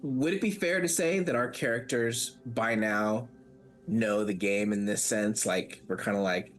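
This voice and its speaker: A man playing a tabletop game who talks haltingly and often searches for his words. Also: fairly low pitch, fairly bright tone, soft background music. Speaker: player.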